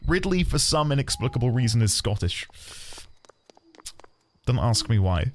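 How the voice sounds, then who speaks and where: A man's voice: a little high, sing-song, moderate pace, fairly bright tone, a little hiss or hum. A man streaming a video game, chatting casually and laughing at himself as he corrects his own mistakes. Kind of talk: casual gameplay commentary.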